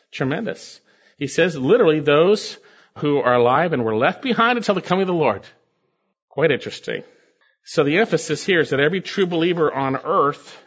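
A man with a fairly high voice preaches verse by verse. He drives his points home with emphasis and puts rhetorical questions to the room. The recording is dull and lo-fi. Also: fairly bright tone, slightly rough. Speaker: pastor. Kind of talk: expository sermon.

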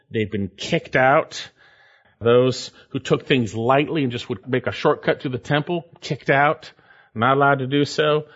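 A male pastor preaches in a mid-pitched voice, reading scripture and explaining it. He pushes his pitch and volume up and down for emphasis. The recording sounds muffled and lo-fi. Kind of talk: sermon.

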